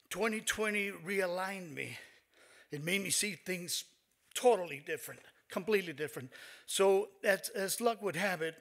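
A man's voice: on the high side, fairly bright tone. Emotional middle-aged man telling a story. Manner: halting and emotional, many fillers and restarts. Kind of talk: live personal storytelling. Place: stage in a performance hall.

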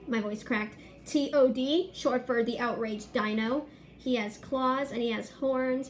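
Woman vlogger, excited and chatty, slightly high voice, casual walk-through of her artwork. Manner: chatty and excited, listing details. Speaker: fan artist presenting her drawings. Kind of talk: casual video narration.

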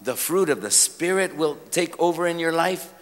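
A male pastor preaching a sermon, telling stories with lively humor. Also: fairly high pitch, moderate pace. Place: church sanctuary. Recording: long church hall reverb.

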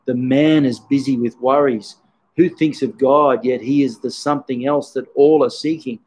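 A man's voice: medium pitch, fairly even intonation, moderate pace, a little mellow, slightly rough, low-quality recording. A man, a karate instructor talking casually in an interview, telling stories in an earnest, reflective way.

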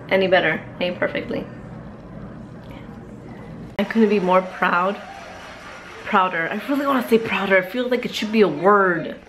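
A woman chats straight into a handheld camera at home, spinning a casual story in a lively, animated way. She tosses in playful sound effects as she goes. Her voice sits at an ordinary middle pitch, with a faint hiss of noise behind it. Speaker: vlogger and mother.

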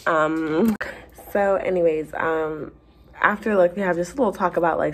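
Young female vlogger, low husky voice, casual animated storytelling. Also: normal speed. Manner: chatty, animated, many fillers, laughs through the story.

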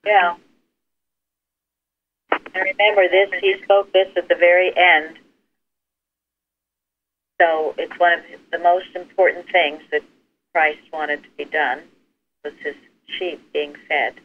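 A man leading an informal Bible study discussion, speaking earnestly and encouragingly, sometimes trailing off softly. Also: sits high, steady tone, slow pace, pauses often. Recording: tinny phone line with faint hiss.

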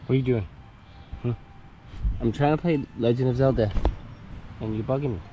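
A man's voice: mid-range voice, moderate pace, muffled recording, slight background noise. A man hosting a camping vlog, talking casually and playfully, cooing at a baby goat in a tent at an island campsite. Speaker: vlog host.

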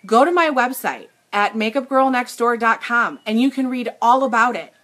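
On a tablet-recorded live stream, a young woman pitching makeup talks earnestly and emotionally to her viewers, frequently restarting sentences. Her voice is fairly high and fairly bright, at a moderate pace.

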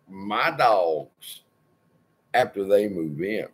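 A man's voice: lowish voice, animated, slow pace. A man hosting his own channel, telling a personal story in a rambling, profane, wry way. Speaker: channel host.

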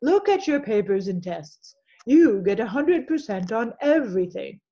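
A woman's voice: fairly high pitch, very animated, a little slow, dark tone, lo-fi sound, heavily acted. A woman voicing a middle-aged schoolteacher who coaxes her students and grumbles when annoyed. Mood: encouraging. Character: stern elementary teacher, middle-aged woman.

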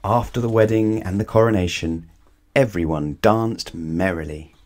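A man reading a children's bedtime story aloud in a calm, measured way. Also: low voice.

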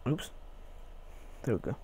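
A man's voice: a little slow, warm tone. A man commentating his gameplay in casual chat, muttering offhand asides to himself.

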